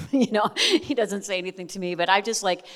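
A woman's voice: mid-range voice, lively intonation, fairly quick, a bit bright, big-room sound. A middle-aged woman giving a testimony sermon as a Christian speaker, talking candidly with chatty asides. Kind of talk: testimony sermon to a live audience.

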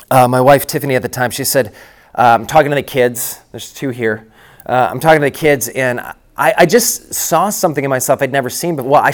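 A middle-aged man speaking from the front of a conference breakout room. He tells his story candidly, in a plain conversational way, restarting his sentences as he goes. His voice sits at an ordinary male pitch. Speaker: lead pastor.

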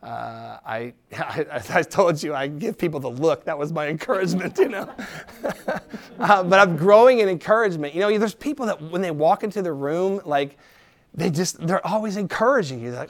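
A middle-aged man preaching a sermon, animated, acting out quoted voices and dropping to a soft tone for encouragement. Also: sits high, fairly quick. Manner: drops to a soft, quiet tone for encouragement. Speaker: pastor.

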